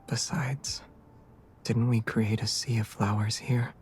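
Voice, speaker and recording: A man voicing a gentle, soft-spoken young lover in a whispered role-play, with an intimate and reassuring manner. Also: on the low side, level tone, slow pace, slight background noise. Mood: tender.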